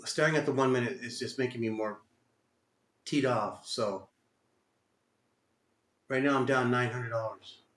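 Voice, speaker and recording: A man's voice: mid-range voice, reverberant. A man streaming his day trading live, talking to himself and exclaiming in frustration at the market. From Texas.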